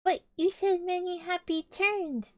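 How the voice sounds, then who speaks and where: A woman voicing a gentle, simple-minded young male teddy bear in a storybook reading, sounding puzzled. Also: extremely high pitch, fairly even intonation, unhurried, no room sound, studio quality, voice pushed up.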